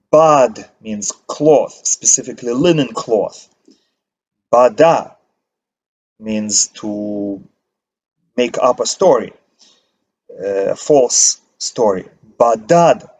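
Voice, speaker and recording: A man teaching a language lesson, reading word lists aloud and pausing to give short meanings. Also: medium pitch, darkish tone, husky. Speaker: Hebrew teacher. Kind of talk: slow vocabulary reading lesson.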